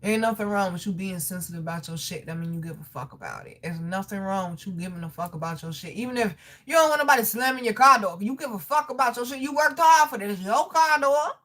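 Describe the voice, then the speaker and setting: A woman hosting a casual livestream, talking straight to her viewers in a loud, profane, animated way with frequent laughter. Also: mid-range voice, fast. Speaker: livestream host reading chat.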